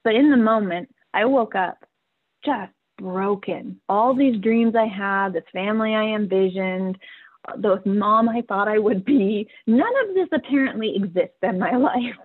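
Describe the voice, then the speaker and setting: Husky-voiced mom on a tinny line. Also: female voice, medium pitch, measured pace. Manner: earnest and emotional, laughs often while talking. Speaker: podcast guest. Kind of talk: candid interview storytelling.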